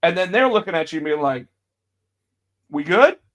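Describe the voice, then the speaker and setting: A man co-hosting a podcast, chatting casually about wrestling and acting out quotes with big jumps in his voice. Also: fast talker. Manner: animated, acts out quotes with big pitch jumps. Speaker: podcast co-host.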